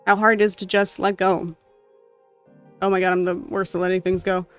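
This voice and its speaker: Smooth, emotional game reader. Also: medium pitch, normal speed, soft background music. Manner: emotional, expressive reading with asides. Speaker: gamer reading a visual novel aloud. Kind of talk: dramatic reading of game text.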